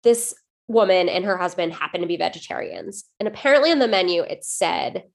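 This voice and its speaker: A woman's voice: lowish voice, a little fast, creaky. A woman co-hosting a podcast, telling a story in casual chat with lots of fillers and restarts. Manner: animated storytelling, many fillers. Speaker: podcast co-host.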